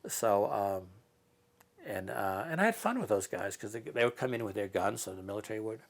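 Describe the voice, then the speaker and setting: A man in an interview, telling stories in a casual, halting way with many fillers. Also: lowish voice, expressive, creaky. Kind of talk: casual storytelling.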